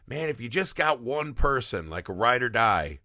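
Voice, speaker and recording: A man co-hosting a casual podcast chat, animated and swearing freely as he acts out scenes. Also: mid-range voice, moderate pace, no room sound, studio quality. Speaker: podcast co-host.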